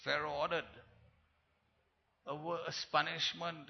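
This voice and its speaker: A man preaching a sermon in an animated way, rising to loud emphasis and acting out the complaints he quotes. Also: fairly high pitch, moderate pace, creaky, pauses often. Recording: muffled sound with long hall reverb.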